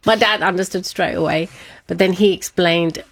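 A woman telling a personal story in conversation, animated and quick to laugh, often acting out what her family said. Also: fairly low pitch, vocal fry, no echo. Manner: lively, laughs often, acts out family quotes. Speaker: guest.

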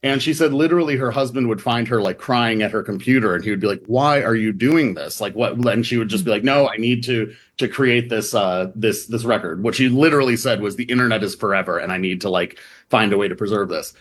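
A man's voice: on the low side, fast talker, husky. Man from the Midwest, radio interview guest, conversational and filler-heavy. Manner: chatty, lots of fillers and "like". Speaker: reporter guest.

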